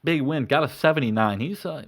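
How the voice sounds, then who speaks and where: A man's voice: on the high side, fairly quick, a bit bright. A young man hosting, casually recapping a wrestling booking game in a rambling, profane way. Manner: rambling, profane, retells storylines. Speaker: host.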